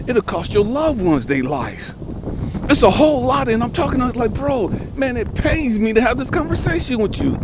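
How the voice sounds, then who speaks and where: A man's voice: very high voice, background noise. A man in his fifties from California, telling a blunt, profane story with emphatic repetition as a vlogger and life coach. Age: 50s. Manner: emphatic, street-talking, repeats for stress.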